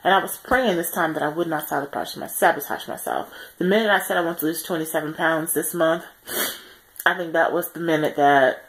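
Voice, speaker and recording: A tired woman records a candid video diary close to the camera mic. Her low voice has a gravelly edge, and she talks earnestly, with many pauses and restarts as she works through her thoughts. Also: rough recording. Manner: reflective and earnest, many pauses and self-corrections. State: tired, yawning. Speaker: vlogger on a weight-loss journey.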